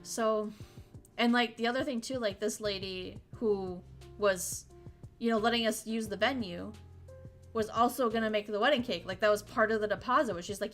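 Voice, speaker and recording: A woman's voice: medium pitch, moderate pace, faint music behind. A young woman streaming in casual chat, talking frankly, swearing freely and laughing often.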